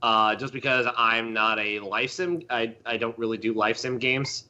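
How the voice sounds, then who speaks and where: A man appearing as a podcast guest, hesitant in his speech and prone to dry, deadpan jokes. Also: medium pitch, normal speed, highs cut off, background noise. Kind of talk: casual chat.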